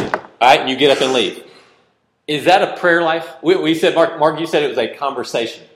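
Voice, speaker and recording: A man preaching and teaching a Bible verse, lively and conversational, acting out little scenes and questioning his listeners. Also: a little high, brisk, slight background noise. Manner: animated, acts out little scenes, asks the room questions. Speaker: pastor. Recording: roomy echo.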